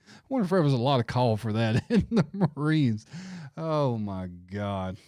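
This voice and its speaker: A man's voice: mid-range voice, very animated, measured pace, a little mellow, clean tone, no echo, clean studio sound. A man hosting a show, chatting casually and rambling with lots of restarts. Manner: rambling, frequent restarts and laughs. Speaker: show host. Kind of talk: casual livestream chat.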